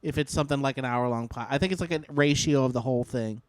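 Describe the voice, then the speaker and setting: Fast-talking and mid-pitched, this young podcast co-host rambles and jokes through a casual conversation, swearing often. The recording has no echo.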